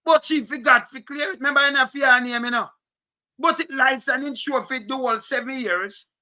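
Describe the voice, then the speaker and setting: Man, Jamaican accent, casual chat, emphatic, very bright sharp tone. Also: extremely high pitch, fairly quick. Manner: animated, emphatic, Jamaican patois phrasing. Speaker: commentator reading documents.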